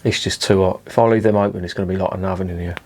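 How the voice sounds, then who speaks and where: A man's voice: sits low, fairly even intonation, rapid-fire, a little mellow. A man casually reviewing a beer at home, chatty and self-mocking, swearing freely. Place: indoors at home with curtains drawn.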